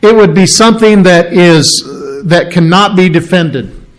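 A man delivers a sermon with an earnest, teaching manner, often circling back and restarting phrases as he explains. His voice sits a little higher than most men's. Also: a little slow. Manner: earnest, repeats and restarts words while explaining scripture. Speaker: pastor.

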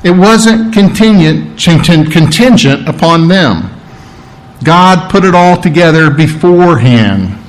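A male pastor delivering a sermon with a somewhat high-pitched voice. He talks to his congregation in a plain, conversational way, circling back on his phrases and asking them questions as he goes. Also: lively intonation, takes it slowly, rough recording.

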